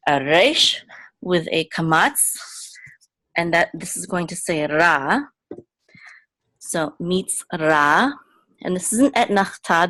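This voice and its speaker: Woman, language teacher, deep for a woman, unhurried, patient, repeats words, checks in often. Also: fairly bright tone. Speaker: Hebrew teacher and podcast host. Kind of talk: slow, patient language lesson.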